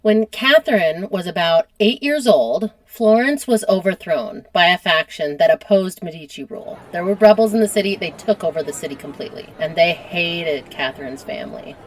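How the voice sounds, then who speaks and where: A woman's voice: on the low side, animated, normal speed, hardly any pauses, dry recording. American woman, podcast host, chatty storyteller, dry close sound. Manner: chatty storyteller, laughs often. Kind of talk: casual history podcast chat.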